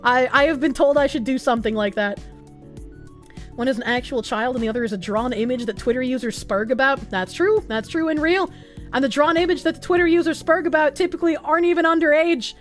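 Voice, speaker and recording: A woman's voice: sits high, a little fast, faint music behind. A young woman livestreamer in casual chat, reading viewer messages aloud, laughing often and swearing freely.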